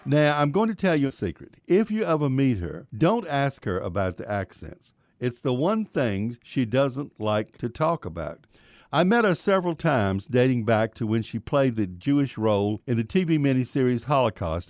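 Man, radio film critic, wry storyteller, lively pitch, dry studio sound. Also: no room sound. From Virginia, US. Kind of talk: scripted radio commentary.

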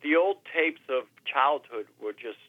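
A man in his sixties, a radio guest, speaking haltingly and emotionally, repeating words and with his voice sometimes breaking. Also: mid-range voice, lively intonation, dry recording. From New Hampshire. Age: 60s. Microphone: telephone. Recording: tinny phone line.

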